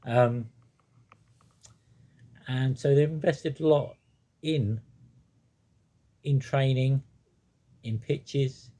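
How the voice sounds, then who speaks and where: A man talking casually about a football team, rambling and hesitant, with many pauses, ums and restarts. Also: medium pitch, mellow. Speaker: football fan commentator. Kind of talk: casual spoken monologue.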